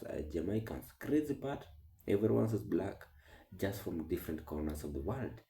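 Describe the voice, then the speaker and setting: Deep-voiced man, halting commentary in echo. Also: gravelly, warm tone. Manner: halting, with many fillers and restarts. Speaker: commentary channel host. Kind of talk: commentary on online clips.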